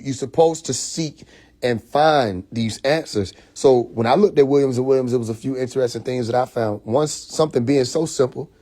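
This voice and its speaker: A man telling a story on a phone livestream, animated and profane, full of restarts and acted-out quotes. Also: mid-range voice. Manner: profane, confrontational. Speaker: livestream host. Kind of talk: casual livestream monologue. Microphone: phone mic.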